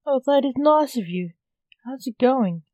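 A woman's voice: high-pitched, expressive, unhurried, no echo, lo-fi sound, pitched above the performer's own voice. A woman reading a storybook aloud, voicing a curious, nervous young male wizard with a slightly raised, questioning voice.

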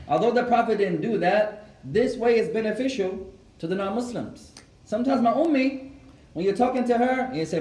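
A man with a somewhat high voice teaches an Islamic class, switching between English and recited Arabic phrases. He tells stories with animated asides and takes questions from students. The room is echoey. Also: normal speed. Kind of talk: lecture with Q&A.

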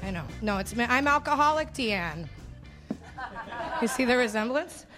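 A woman's voice: fairly high pitch, expressive, moderate pace, over music. A woman from Winnipeg doing a stand-up set, rambling and self-deprecating, laughing as she talks. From Winnipeg, Canada. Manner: rambling, self-deprecating, with frequent laughs and put-on quoted voices. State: hungover. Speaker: stand-up comedian. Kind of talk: stand-up set before a live audience.

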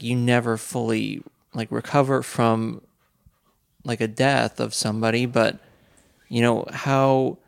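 Slow, gravelly young man host, dry sound. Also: medium pitch, dry recording. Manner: slow, halting questions with many fillers. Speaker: podcast host. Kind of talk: casual podcast interview.

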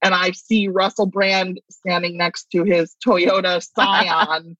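A woman's voice: lowish voice, level tone, slow pace, a bit bright, no room sound. Chatty woman on a slightly dull recording. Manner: chatty, laughs often while telling stories. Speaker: guest writer. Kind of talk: casual chat, anecdote telling.

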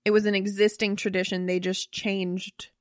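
An excitable young woman co-hosts a casual conversation, jumping in with curious questions. Her voice sits at a middling pitch and is recorded close and dry, without any room sound. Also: normal speed, dry recording. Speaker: podcast co-host. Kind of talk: casual chat.

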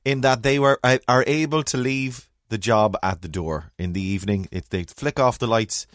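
An Irish man co-hosting a casual chat, wandering off on tangents in a deadpan voice. His pitch sits at an ordinary middle, and the sound is dry and close with no room echo. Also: moderate pace. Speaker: podcast co-host.

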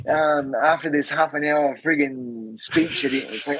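A man's voice: a little high, normal speed, hardly any pauses, fairly bright tone, husky, rough recording. An Australian man, a podcast guest, telling stories in a rambling, casual way full of fillers and restarts. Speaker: guest, fighter. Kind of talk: casual storytelling.

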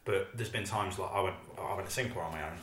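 A man's voice: deep voice, fast talker, a bit bright, roomy sound. A man from southern England hosting a podcast, chatting easily and throwing in joking asides. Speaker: podcast host. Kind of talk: casual interview chat.

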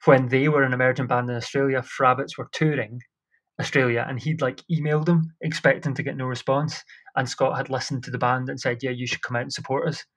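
A man's voice: medium pitch, little pitch movement, fairly quick, fairly bright tone. Chatty, enthusiastic man. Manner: enthusiastic, rambling storyteller. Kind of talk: casual chat.

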